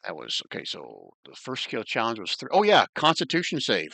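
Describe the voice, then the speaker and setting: A man's voice: medium pitch, wildly swooping pitch, a little fast, vocal fry, pushed and bright, no echo. A man acting as game master, running an online tabletop game in a chatty, joking way and thinking aloud as he works the map.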